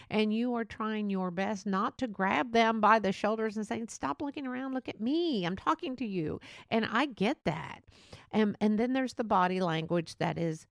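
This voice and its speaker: Fast-talking woman with a gravelly voice. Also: mid-range voice, no echo, clean studio sound. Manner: fast-talking, rambling, laughs between thoughts. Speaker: podcast host. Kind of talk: casual solo podcast monologue.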